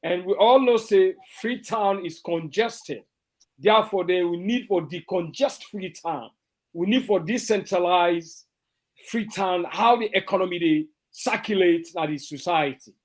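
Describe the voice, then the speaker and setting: Party commentator: a slightly high-voiced man with a Sierra Leonean Krio accent, emphatic and repetitive. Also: measured pace. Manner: emphatic, repetitive, restarts phrases. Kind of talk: online political talk show discussion.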